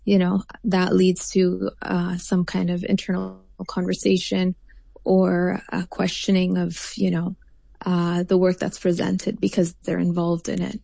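Woman artist, interview guest, low gravelly voice, mellow tone, thoughtful with many fillers. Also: monotone, measured pace, no room sound. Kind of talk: interview answers.

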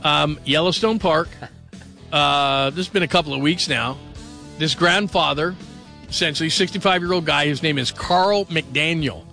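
Gravelly, bright-voiced late-night radio host. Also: male voice, a little high, normal speed, soft background music. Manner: chatty, rambling, jokey. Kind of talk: casual radio talk. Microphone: studio microphone.

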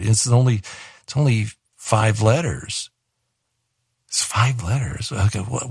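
A man's voice: lowish voice, animated, moderate pace, husky, no room sound, studio quality. Easygoing man hosting call-in radio. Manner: chatty, easygoing, chuckling asides. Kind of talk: casual call-in radio talk.

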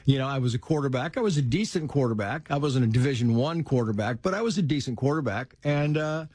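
A middle-aged man telling stories from his life in casual conversation, animated and quick to act out what people said. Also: medium pitch, husky, no echo, studio quality. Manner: animated storyteller who acts out quotes in a raised voice.

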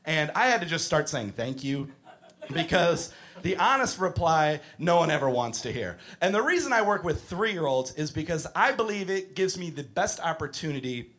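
A man performing stand-up in a club, his voice sitting high and swinging widely. He rants crudely and breaks into shouts. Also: normal speed. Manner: animated, shouting mock rants with crude language. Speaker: stand-up comedian. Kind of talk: stand-up comedy set.

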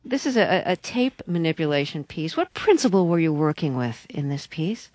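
A woman's voice: low voice, big pitch swings, normal speed, a little mellow. A woman interviewing a guest on the radio, asking direct, concise questions.

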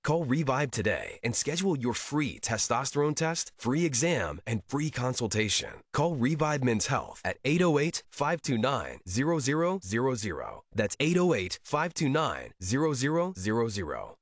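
A man's voice: big pitch swings, moderate pace, few pauses, no echo. A male announcer delivers a scripted radio advert with a persuasive, upbeat push. His intonation rises and falls with energy. The recording is dry and close. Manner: persuasive, upbeat sales pitch. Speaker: commercial announcer.

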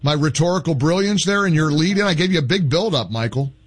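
A man hosting a call-in radio show, his voice high and husky. He argues in a sarcastic, mocking tone and needles the caller at every turn. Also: fast talker. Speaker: talk radio host. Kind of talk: combative call-in radio talk.

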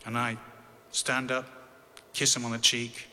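A man's voice: mid-range voice, steady tone, moderate pace, pushed and bright, in a large hall. An English man telling a personal story in a conversational way with dry, wry humor. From England.

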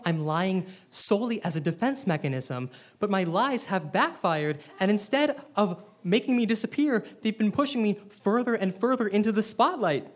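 A young man telling a personal story live to an audience, wry and self-deprecating, with animated delivery. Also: sits high.

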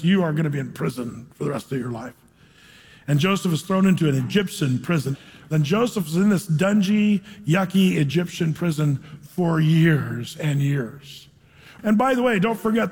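A man's voice: high-pitched, slightly rough. A male pastor preaching a sermon, retelling a story in a casual, dramatic way with acted voices. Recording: echoey hall.

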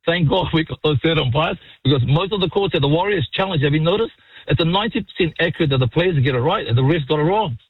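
A man calling a sports radio talkback show, blunt and excitable, swearing freely and calling everyone mate. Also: a little high, fast talker, slightly rough, dry recording. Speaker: caller. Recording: muffled phone line, dry.

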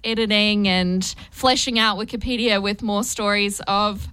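A woman's voice: medium pitch, steady tone, moderate pace, sharp tone, clear, resonant tone, no room sound. A woman co-hosting radio, patiently explaining an item in casual chat. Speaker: radio co-host.

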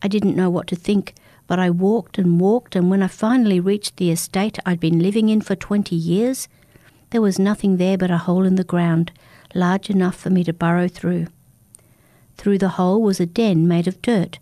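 Woman storyteller, first-person folktale, warm dark voice, dry close mic. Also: lowish voice, moderate pace, dry recording. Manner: steady, dramatic storytelling. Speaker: narrator.

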